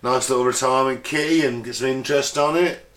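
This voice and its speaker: A man in his thirties chats on a podcast in a loose, rambling way. He swears freely and laughs a lot, with a middling pitch. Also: fairly even intonation, fast, fairly bright tone. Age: 30s. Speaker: podcast co-host. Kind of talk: casual chat.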